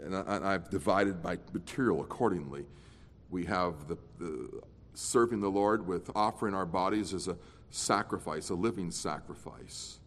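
A man preaching an evening sermon as a pastor. He swings between loud, emphatic declarations and quiet, low-voiced asides. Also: normal speed. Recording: long reverb of a large hall.

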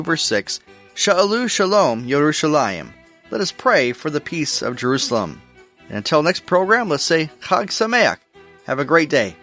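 A man hosting a religious radio program, giving a scripted, earnest teaching and reading scripture in a measured way. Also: fairly high pitch, fairly bright tone. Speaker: radio ministry host.

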